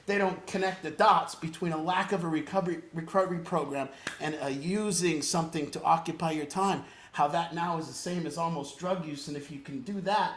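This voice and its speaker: A man's voice: on the high side, echoey room, a little hiss or hum. A man leading an informal group talk as a recovery program counselor, earnest and emphatic, rambling with restarts.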